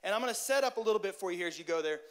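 A man preaching a casual sermon who talks straight to the audience in a lively, joking way. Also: high-pitched, very fast.

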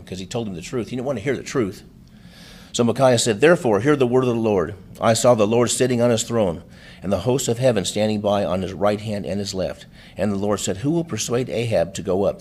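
A man's voice: fairly low pitch, darkish tone, slight background noise. A man preaching a sermon, reading scripture aloud with frequent restarts and adding plain-spoken asides. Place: church.

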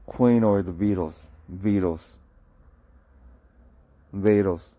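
A man with a sore throat and a husky voice, joking around with viewers in a casual livestream. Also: low-pitched, very slow, mellow, no room sound. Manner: joking, playful banter with viewers. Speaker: livestream host.

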